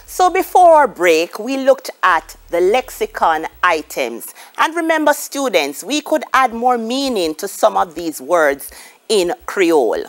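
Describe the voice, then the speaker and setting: Slow, lively Jamaican woman teacher. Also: medium pitch. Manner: explains then gives Creole example sentences. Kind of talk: televised lesson. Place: TV studio.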